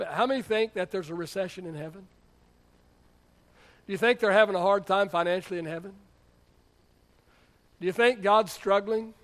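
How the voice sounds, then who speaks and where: A man's voice: sits high, normal speed, long pauses, a bit bright. A middle-aged man preaching a sermon as pastor, emphatic, with rhetorical questions and playful asides.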